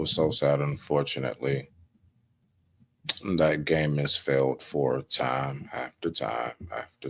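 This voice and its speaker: A man co-hosting a casual livestream talk, animated, swearing freely and slipping into acted quotes. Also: low voice, creaky, breathy edge. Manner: swears freely, street slang. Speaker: podcast co-host.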